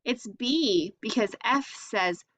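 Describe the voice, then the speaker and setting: A woman's voice: on the high side, expressive, takes it slowly, fairly bright tone, slight background noise. A woman teaching a phonics lesson to young children, patiently sounding out letters and asking simple questions.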